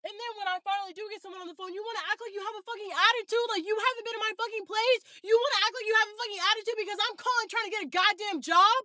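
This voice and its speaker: Woman with a very high, sharp voice, furious profane rant, dry sound. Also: steady tone, racing, few pauses, dry recording. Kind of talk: casual rant to camera.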